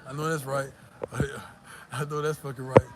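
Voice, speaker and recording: A man's voice: medium pitch, little pitch movement, a little slow, very noisy. A man, ranting bluntly and profanely on a casual livestream while reading viewer comments. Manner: profane, blunt, emphatic preaching. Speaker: livestream host reading chat.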